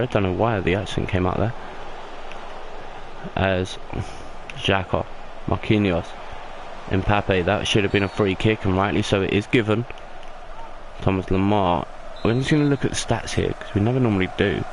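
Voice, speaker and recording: A young man doing excitable play-by-play football commentary over a video game he is playing. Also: moderate pace, noisy background. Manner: excitable play-by-play, rising in pitch on big moments. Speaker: gaming YouTuber.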